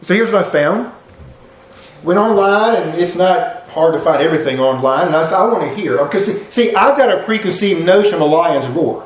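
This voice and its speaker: Preacher guy, high voice, folksy and emphatic, echoey church hall. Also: normal speed. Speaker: pastor. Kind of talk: sermon. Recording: roomy church hall sound.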